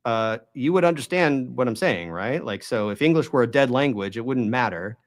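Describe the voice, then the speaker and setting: A man's voice: medium pitch, lively intonation, a little slow. A man hosting a Bible study channel, explaining at length in an emphatic, argumentative way and often checking in with the listener. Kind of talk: explanatory monologue on Greek pronunciation.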